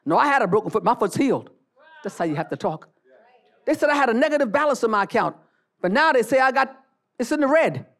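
A preacher delivering a fiery church sermon, repeating phrases, calling for the congregation to answer, and bursting into shouts. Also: medium pitch, expressive, quick pace, pauses often.

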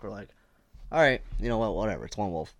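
Man, mid-range voice, dry close mic, animated storyteller for casual talk. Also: on the low side, quick pace, no room sound. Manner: animated storyteller, acts out quotes. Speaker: hunter telling a trip story. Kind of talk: casual chat.

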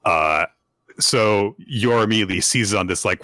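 Low-pitched man, bright dry voice. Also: no room sound. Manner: acts out character lines in quick put-on voices. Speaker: podcast co-host recapping manga. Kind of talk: casual chat.

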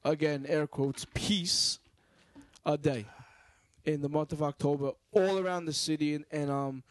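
A young man with a New York accent, telling stories in a loose, rambling, profane way. His voice is a bit high for a man. The sound is dry, with no room echo at all. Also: steady tone, a little slow. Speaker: podcast co-host. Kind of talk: casual chat.

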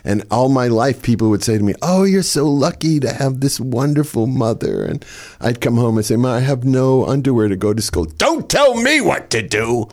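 A man's voice: medium pitch, fairly quick, warm tone. An older man from the Boston area, a comedian guest telling wry stories and laughing at his own jokes. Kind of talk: storytelling interview.

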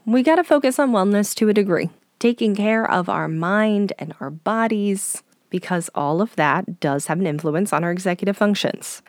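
Woman podcast host, lower pitch, dry close sound, chatty and direct. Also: no echo. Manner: conversational, acts out inner voices, direct questions to listener. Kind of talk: casual talk on mindfulness and parenting.

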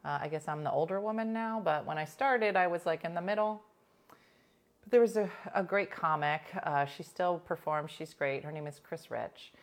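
Middle-aged lady w a philly on morning radio, kinda low voice, chatty, lots of "like". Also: normal speed. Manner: chatty, animated, peppered with "like" and laughs. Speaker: morning show host and comedian. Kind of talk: casual chat, storytelling.

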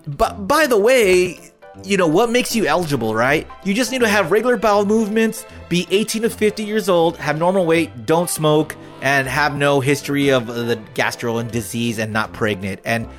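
A man co-hosting a comedy podcast, chatting casually and reading news with excitable, swearing, goofy asides. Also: on the high side, normal speed, soft background music. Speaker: podcast co-host.

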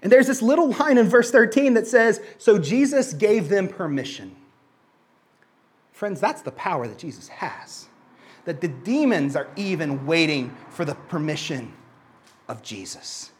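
A man with a high voice gives a sermon in a relaxed, conversational manner. He keeps dropping in "like" and repeats words as he restarts his thoughts. When he reads scripture he slows down and lowers his voice. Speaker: preacher.

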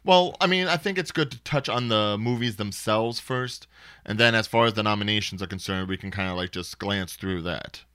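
A man's voice: lowish voice, normal speed, clean tone, no room sound, studio quality. An American man co-hosting a podcast, chatting casually about movies with lots of fillers. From United States. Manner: relaxed, rambling with many fillers. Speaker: podcast co-host.

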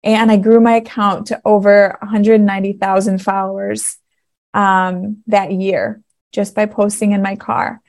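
A woman's voice: mid-range voice, flat delivery, unhurried, a little mellow. Woman, 30s, solo podcast host. Earnest, emotional, casual storytelling. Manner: emotional, earnest, laughing through tears. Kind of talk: casual faith podcast monologue.

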